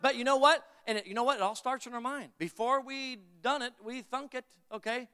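A man's voice: extremely high pitch, fairly even intonation, brisk, pushed and bright, clear, resonant tone. A male pastor preaching a fervent sermon, repeating phrases and calling for amens from the congregation. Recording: long reverb of a large hall.

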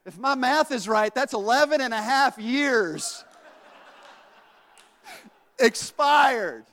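A man preaching a sermon in a church, folksy and animated, telling stories with laughter. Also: very high-pitched, takes it slowly, big-room sound.

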